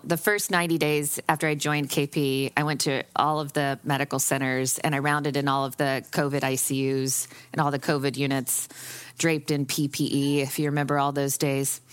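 A woman with a low-pitched voice, recorded dry and close for a podcast. She tells a personal story in a conversational way, full of fillers and restarts. She sounds emotional as she speaks. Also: smooth, no room sound. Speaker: podcast host being interviewed.

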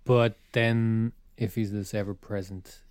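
A man's voice: lowish voice, level tone, a little slow, darkish tone, smooth, no room sound. A man co-hosting a podcast in casual chat, wry and teasing. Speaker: podcast co-host.

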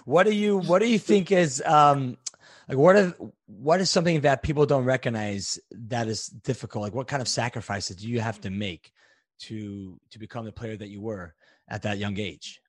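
A man's voice: medium pitch, normal speed, no echo. Reflective male podcast host, dry sound. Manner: reflective, thoughtful questioner. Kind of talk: interview conversation.

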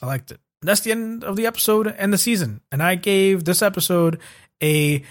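Young man recapping, pitched a touch high. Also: moderate pace. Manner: loose and profane, filler-heavy. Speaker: podcast host. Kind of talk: casual recap chat.

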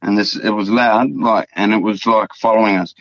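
A man's voice: fairly low pitch, fairly even intonation, normal speed, fairly bright tone, no room sound. An Australian man from the Northern Territory, telling a story as a podcast guest in a casual, rambling way full of fillers and swearing. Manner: rambling, profane, repeats words and fillers. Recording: dull, dry lo-fi podcast audio.

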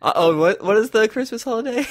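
A man playing a character in a tabletop role-play, animated and jokey, recorded close to the mic. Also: high voice, fast talker. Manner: animated, jokey, breaks into laughter. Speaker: player.

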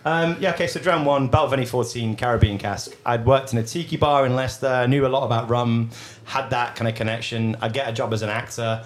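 Guest: young man, animated storyteller, mid-pitched. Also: a little fast, hardly any pauses, slight background noise. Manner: animated, laughing anecdotes with acted quotes. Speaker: whisky brand ambassador, guest. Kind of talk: casual storytelling chat.

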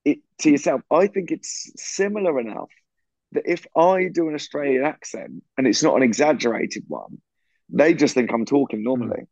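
A man's voice: medium pitch, animated, normal speed, creaky, a little mellow, dry recording, poor audio. A man co-hosting a podcast from a hotel room, rambling and laughing often. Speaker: podcast co-host. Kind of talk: casual chat over a video call. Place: echoey hotel room, on a bed.

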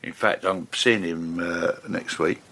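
An older man, a session bass player chatting and rambling through stories as an interview guest. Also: fairly even intonation, measured pace, sharp tone. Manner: chatty, rambling, lots of fillers and restarts. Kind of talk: casual storytelling interview.

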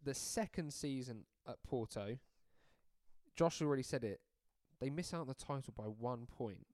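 Man, teasing football chat, mid pitch, dry sound. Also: moderate pace, no echo. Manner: relaxed, teasing banter. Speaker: podcast co-host.

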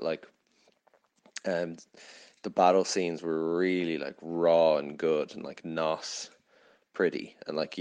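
A young man talks through a film review in a relaxed, rambling way, leaning on fillers as he goes. His voice sits very low. He sounds like a podcast host chatting off the cuff.

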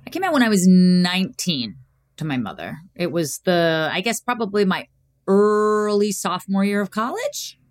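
A woman's voice: medium pitch, moderate pace. A young woman on a podcast, telling a personal story in casual chat and acting out the quotes. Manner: animated, acts out quotes. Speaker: podcast guest.

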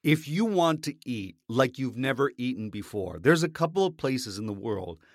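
A man in casual podcast chat, blunt and animated, with the odd swear. His voice sits mid-range. The sound is dry and close, with no room echo. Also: mid-range voice, normal speed. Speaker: podcast co-host.

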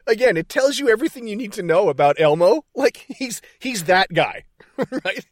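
A man co-hosting a casual film podcast, retelling scenes in a profane, animated way. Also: high voice, moderate pace, dry recording, studio quality. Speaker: podcast co-host.

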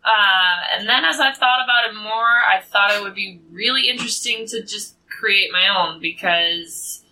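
Woman, casual co-host chatting about her game, very bright tone, recorded at a distance from the mic. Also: mid-range voice, normal speed, slight background noise. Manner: agreeable, chipping in with short replies and laughs. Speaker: game master. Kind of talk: casual chat.

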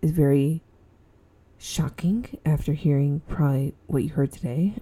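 At home with the heater on, a Southern Californian woman hosts her own casual podcast, speaking at a moderate pace in a low, mellow, husky voice. She rambles, giggles, leans on fillers, and says her voice comes off as snobby.

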